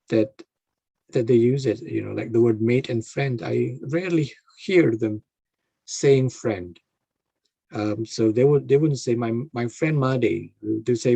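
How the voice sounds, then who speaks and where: A man's voice: on the low side, gravelly, mellow, slightly rough, no room sound. A man giving an online talk to a club, speaking hesitantly with many fillers and restarts over a video call. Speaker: guest speaker.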